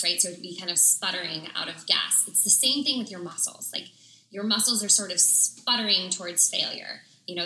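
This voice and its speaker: A woman's voice: medium pitch, sharp tone. A woman fitness instructor explaining classes in a casual interview, upbeat and explanatory. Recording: echoey room.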